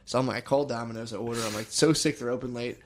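A man's voice: mid-range voice, fairly even intonation, rapid-fire, a crowd in the background. A young man co-hosting a podcast, telling a story in casual, profane chat and laughing often. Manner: profane, laughing, acts out quoted people. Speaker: podcast co-host.

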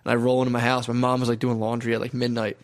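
A young man casually telling a story, relaxed and swearing freely. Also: mid-range voice, racing. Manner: relaxed, swears freely, chimes in with short replies.

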